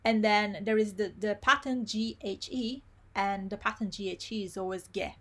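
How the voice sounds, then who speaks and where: A woman's voice: mid-range voice, fairly even intonation. Woman teaching pronunciation. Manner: slow, careful modeling of each syllable in pronunciation drills. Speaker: Italian language teacher. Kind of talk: live online language lesson.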